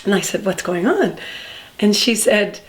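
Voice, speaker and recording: A woman hosting an interview show, telling stories in a casual, animated way. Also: medium pitch, unhurried. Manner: warm storytelling, animated quoting. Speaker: podcast host.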